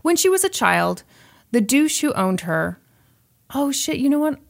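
A woman's voice: high voice, sing-song, measured pace, vocal fry. A woman co-hosting a casual true-crime podcast, chatty and self-deprecating, often breaking into laughs. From Midwest of the United States. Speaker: podcast co-host.

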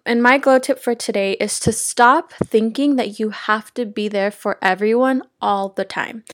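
A woman's voice: fairly high pitch, unhurried, slight background noise. A young adult woman hosting a casual wellness podcast, earnest and effusive, a little out of breath. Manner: earnest, effusive and grateful, repeating words for emphasis. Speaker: podcast host.

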